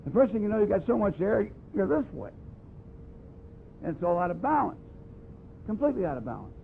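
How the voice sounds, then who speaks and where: A man with a high, gravelly voice talks a room of brass students through breathing in a blunt, wry way, scatting phrases to show what he means. The recording is a tinny, phone-like archival tape with a faint hiss underneath. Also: big pitch swings, fairly quick. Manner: plainspoken and wry, scats phrases to demonstrate. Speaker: brass instructor giving a clinic. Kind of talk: blunt, conversational teaching talk.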